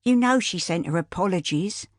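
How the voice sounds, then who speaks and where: A woman voicing a practical older family friend who speaks briskly, sternly and with plain comfort. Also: on the low side, lively intonation, no echo, studio quality, natural voice. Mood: firm.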